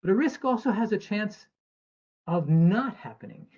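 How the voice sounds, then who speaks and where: A man's voice: high-pitched, animated, a little slow, darkish tone, slightly rough, dull audio. An American man, an actuary, giving a presentation to investors in an earnest, emphatic way with dry asides. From United States.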